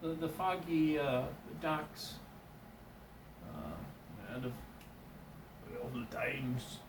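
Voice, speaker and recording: A man's voice: medium pitch, big pitch swings, very slow, reverberant, far from the mic, background noise. A man doing stand-up comedy and telling a meandering story, full of fillers and restarts, putting on small voices for the people in it. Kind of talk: rambling comic storytelling.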